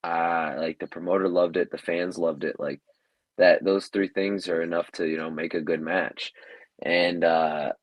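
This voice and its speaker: A man's voice: sits low, steady tone, a little slow, no room sound, low-quality recording. A man, a professional wrestler, talking casually as a podcast guest, rambling with lots of fillers and restarts. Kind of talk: casual interview talk.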